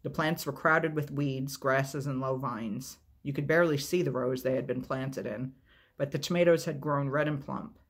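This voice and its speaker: A man reading a novel aloud as a storyteller, with a husky voice at an ordinary pitch. His delivery is steady and measured, and he takes his time with each line.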